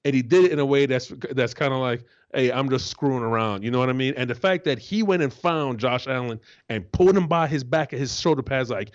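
A former pro football player co-hosts a casual sports talk show, speaking emphatically and with profanity. His medium-pitched voice moves fairly quickly with few pauses, and the recording's highs are cut off.

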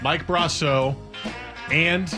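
A man's voice: fairly high pitch, steady tone, drawn-out words, music in the background. A man hosting sports radio, joking and teasing in casual banter.

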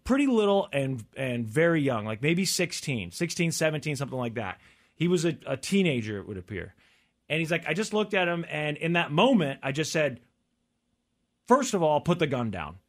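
A man's voice: a little high, moderate pace. A man co-hosting a casual podcast chat, telling a story and quoting the people in it. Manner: storytelling, quotes others in lively voices. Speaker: podcast co-host.

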